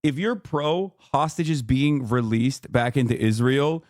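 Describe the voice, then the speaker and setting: A man's voice: mid-range voice, measured pace, a little mellow, no echo, studio quality. A man streaming, reacting to a video with sarcastic, profane, mocking commentary.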